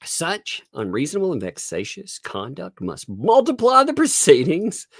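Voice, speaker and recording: A man's voice: fairly high pitch, wildly swooping pitch, measured pace, creaky, no room sound, clean studio sound. A middle-aged man hosting a live commentary stream on a court case, sarcastic, laughing often and swearing. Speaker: commentary livestream host.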